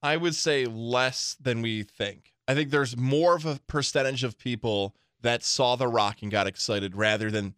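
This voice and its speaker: A man's voice: mid-range voice, moderate pace, few pauses, fairly bright tone, clear, resonant tone, dry recording, studio quality. A man co-hosting a sports radio show, bantering playfully. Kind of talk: casual sports talk.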